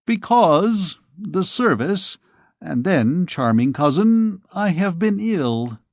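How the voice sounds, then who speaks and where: Man doing a vain young captain, offhand and glib, slow, dry audiobook sound. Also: high voice, big pitch swings, a little mellow, no echo, voice pushed up, exaggerated voice. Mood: evasive. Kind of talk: audiobook character voice.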